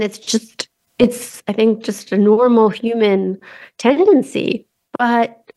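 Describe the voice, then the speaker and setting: A woman's voice: fairly high pitch, darkish tone. A woman hosting a podcast, talking casually and rambling a little, with frequent restarts and fillers. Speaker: podcast host. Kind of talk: casual conversational interview.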